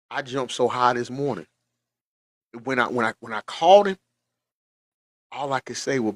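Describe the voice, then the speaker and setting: A man's voice: mid-range voice, no room sound. Emotional middle-aged man, dry close mic. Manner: emotional, choking up and pausing; earnest, repeats phrases for emphasis. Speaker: livestream host. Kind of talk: casual livestream talk.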